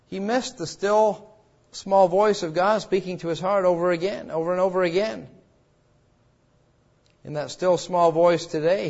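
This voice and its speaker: A man's voice: high-pitched, lo-fi sound. A man preaching a sermon as pastor, earnest and pleading, asking his listeners direct questions.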